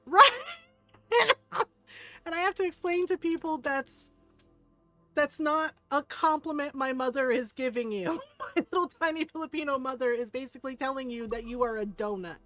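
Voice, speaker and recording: A woman with a high voice streams games and chats casually, laughing often, cursing freely and doing impressions of relatives as she tells animated stories. The audio is dry and poor.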